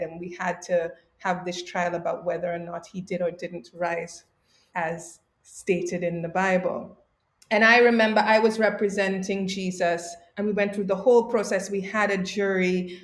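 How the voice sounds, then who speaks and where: Middle-aged woman, from Canada, guest storyteller, lower voice, roomy echo. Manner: lively anecdotes with bursts of laughter. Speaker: guest arbitrator. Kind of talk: interview storytelling.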